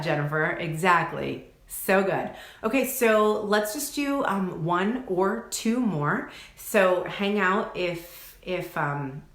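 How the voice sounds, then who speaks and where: A woman's voice: lowish voice, a bit bright, echoey room. A woman, coaching viewers during a live stream. She reads their comments aloud and answers in an effusive, chatty way, swearing casually. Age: 40s.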